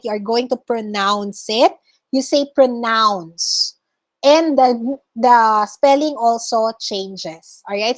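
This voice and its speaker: A woman's voice: sits high, a little mellow. A Filipino woman teaching an online class, correcting her students' pronunciation word by word and repeating each correct form. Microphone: video call.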